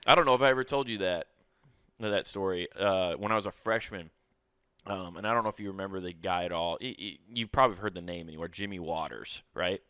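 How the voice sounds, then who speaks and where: A man's voice: low voice, fairly quick, fairly bright tone, clean tone, no room sound, studio quality. A man hosting a podcast, telling stories in casual chat, laughing often and swearing freely. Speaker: podcast host.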